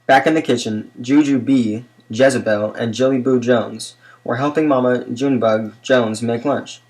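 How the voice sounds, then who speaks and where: A man reading a children's picture book aloud in a measured, unhurried way. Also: medium pitch, fairly even intonation, a little mellow, rough recording. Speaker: narrator.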